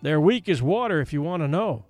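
A plainspoken frontiersman with a slow, folksy drawl and a wry edge, as a male narrator puts him on. Close and dry, faint music behind. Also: a little high, expressive, a little mellow, no room sound, close to an everyday voice. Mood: blunt.

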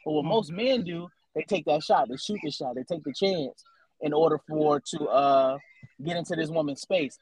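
A man's voice: a little high, normal speed, a little mellow, slightly rough, no room sound, low-quality recording. Teasing, opinionated man in his thirties. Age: 30s. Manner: teasing, quizzing questions, then long opinionated explanations. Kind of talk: casual chat.

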